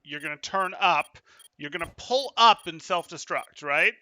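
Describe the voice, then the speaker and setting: A man coaching a player through live gameplay, brisk and emphatic, repeating his key points. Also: a little high, lively intonation, sharp tone, no room sound. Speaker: game coach.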